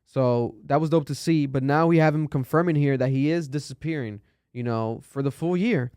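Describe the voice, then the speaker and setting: In a medium-pitched, clear, resonant voice that's a little mellow, a male podcast host talks at normal speed. His manner is loose and chatty with frequent cursing and lots of fillers, and the audio is studio quality with no echo.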